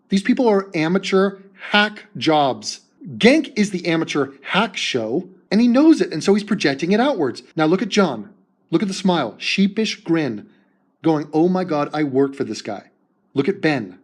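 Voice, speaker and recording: A man's voice: high-pitched, a little mellow. A man commenting over video clips with crude insults, mocking and laughing as he talks.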